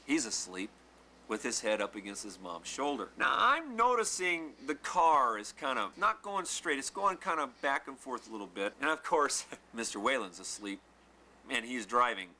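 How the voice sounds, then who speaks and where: A man telling a funny personal anecdote aloud, animated and vivid, acting out what people said. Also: mid-range voice, moderate pace, a little hiss or hum. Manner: animated, acts out quotes and shouts. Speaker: storyteller.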